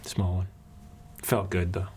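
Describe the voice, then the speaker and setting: A man's voice: sits low, completely flat delivery, takes it slowly, a little mellow, slight background noise, pitched below the performer's own voice. A man voicing a big, hairy male bugbear, a friendly brute who speaks bluntly and plainly. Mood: plainspoken.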